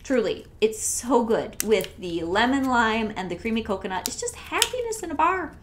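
A woman talking through a product haul in a casual vlog, gushing and chatty, sometimes dropping to a soft near-whisper. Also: on the high side, big pitch swings, moderate pace, slight background noise. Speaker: scent consultant and channel host.

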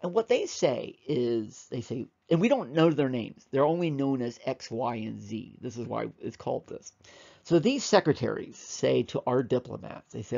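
A man's voice: medium pitch, expressive, moderate pace, vocal fry, mellow, dull audio. A man giving an informal history lecture, talking conversationally and emphatically with frequent fillers and repeats.

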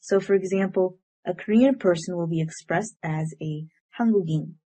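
A woman with a fairly low, husky voice narrates a scripted grammar lesson. She explains each point clearly and gives example sentences in a steady, measured way. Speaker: language teacher.

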